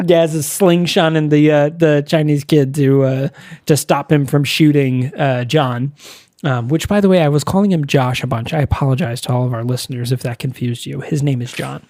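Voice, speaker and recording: A man's voice: a little high, moderate pace, a little mellow, no echo, clean studio sound. A man co-hosting a podcast, recapping a movie in a rambling, casual way, swearing and laughing often. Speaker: podcast co-host.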